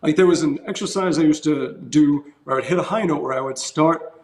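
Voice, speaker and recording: A man's voice: on the high side, a little fast, darkish tone. A man, a guest musician, explaining at length in a casual podcast interview, chuckling now and then. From United States. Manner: rambling, explanatory, chuckles while talking. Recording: echoey room.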